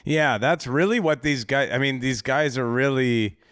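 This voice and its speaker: A man in a casual podcast chat, his voice smooth and resonant with a dry, close sound and no room around it. He rambles through his points, restarting sentences and swearing casually. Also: mid-range voice, moderate pace, a bit bright, no echo.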